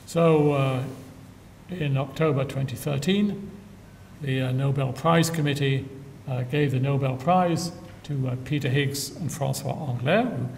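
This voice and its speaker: An older man giving a public science lecture with dry humor and frequent filler pauses, recorded in a lecture hall from a distance. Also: gravelly, a little mellow. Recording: echoey hall from far off, faint rumble.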